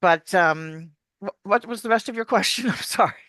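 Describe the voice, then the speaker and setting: An accent coach giving explanatory interview answers like an animated teacher, demonstrating words. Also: medium pitch, normal speed, no room sound.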